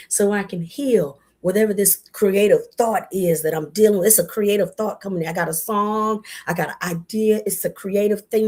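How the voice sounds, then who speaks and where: A woman giving a casual spoken affirmation talk in a folksy, animated way, calling listeners baby and y'all. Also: mid-range voice, slightly rough. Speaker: motivational speaker.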